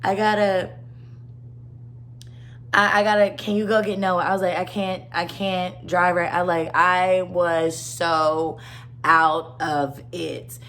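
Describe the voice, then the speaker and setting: A young woman with a fairly low voice speaks at home, recounting a personal story in a rambling, earnest monologue. She leans heavily on "like" and restarts as she goes. A faint hum sits under her voice. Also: level tone, takes it slowly, fairly bright tone. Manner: rambling, earnest, heavy use of "like". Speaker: vlogger.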